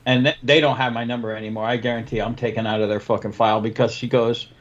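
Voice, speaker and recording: Crude, deadpan man, dull lo-fi sound. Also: mid-range voice, fast. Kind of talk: casual chat.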